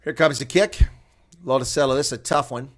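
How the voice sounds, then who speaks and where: A man giving live rugby play-by-play, shouting on big plays and chatting casually with viewers in between. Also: mid-range voice, fairly quick. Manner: reads viewer chat aloud. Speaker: play-by-play commentator. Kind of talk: live sports commentary.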